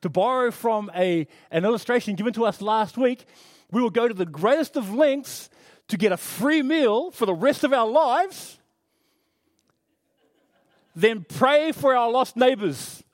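A man's voice: very high voice, animated, moderate pace, no room sound. A middle-aged man preaching a conversational sermon, earnest and storytelling, with frequent restarts.

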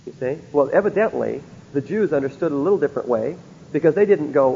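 A man with a gravelly, somewhat high voice delivers a Bible lecture, often pausing to ask rhetorical questions. The recording is dull and lo-fi, with a long hall reverb and a faint hum of ambience behind him. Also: animated, dark tone. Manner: keeps checking in with rhetorical questions. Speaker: Bible teacher.

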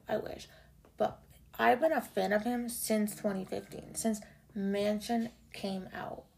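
A young woman chatting casually as a music vlogger, gushing like an excited fan. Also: medium pitch, vocal fry. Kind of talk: casual chat.

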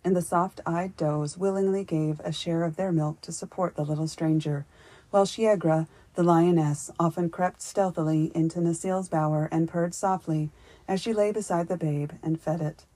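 A woman reading a children's fairy-tale audiobook aloud in a gentle, unhurried storybook narration. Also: on the low side, steady tone, no echo. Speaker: audiobook reader.

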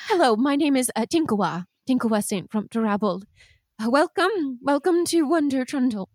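A woman's voice: high-pitched, expressive, moderate pace, darkish tone, dry recording, clean studio sound. A woman voicing a short, plump, kindly gnome mother in a tabletop role-play, flustered and tearful as she fusses over guests.

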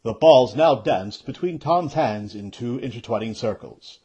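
A man reads a fantasy novel passage aloud for his podcast, in measured storytelling narration. His voice is a little husky and breathy, at a middle pitch. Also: lively intonation, dark tone, highs cut off. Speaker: podcast host reading aloud. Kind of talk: audiobook-style reading.

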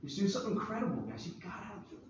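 High-voiced joking pastor, echoey hall. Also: male voice, very animated, very fast, a little mellow, a little hiss or hum. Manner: joking, conversational, acts out Bible scenes. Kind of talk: casual sermon. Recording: far-off echoey hall, dull sound.

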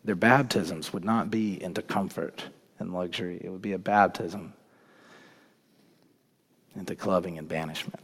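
A man preaching a sermon as pastor. His delivery is dynamic, swinging from hushed to emphatic. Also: deep voice, fairly even intonation, moderate pace, long pauses, husky. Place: church sanctuary. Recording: long reverb of a large church hall.

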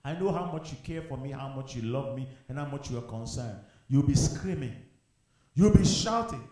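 A man's voice: mid-range voice, lively intonation, moderate pace, darkish tone. A male pastor preaching fervently in an empty church, repeating phrases and asking rhetorical questions. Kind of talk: sermon. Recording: very echoey church room.

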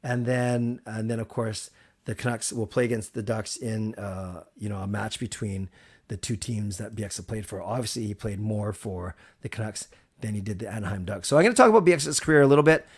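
A man's voice: lowish voice, brisk. A man hosting a casual live stream, chatty and rambling, thanking viewers as he goes. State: recovered from a cold. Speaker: livestream host.

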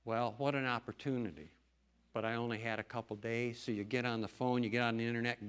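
A man's voice: medium pitch, steady tone, fast talker, fairly bright tone, clean tone. A middle-aged man, a farmer and lay preacher, giving an earnest, folksy testimony talk in church with emphatic stresses.

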